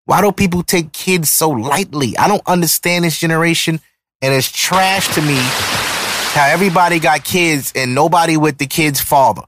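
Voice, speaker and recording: A man's voice: fairly high pitch, moderate pace, noisy background. A man in his thirties hosting a podcast, ranting in a heated, profane, emphatic monologue. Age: 30s. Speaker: podcast host.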